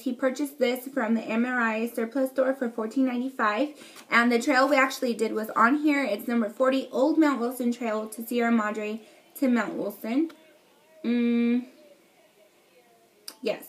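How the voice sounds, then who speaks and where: Young woman vlogger, slightly high voice, excitable, rambling casual storytelling. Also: moderate pace. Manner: chatty, excitable, lots of fillers and swearing. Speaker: beauty vlogger.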